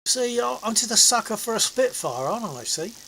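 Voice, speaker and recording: A man's voice: high voice, big pitch swings, brisk, creaky, bright, forceful tone, a little hiss or hum, poor audio. A man in his seventies, chatting casually and rambling with livestream viewers from his home sim setup. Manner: rambling, chuckling, self-mocking. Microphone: desk mic.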